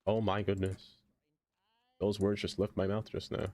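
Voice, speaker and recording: A man's voice: lowish voice, monotone, normal speed, darkish tone. A young man from Brooklyn, rambling and joking as he reads chat on a casual gaming stream. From Brooklyn, New York.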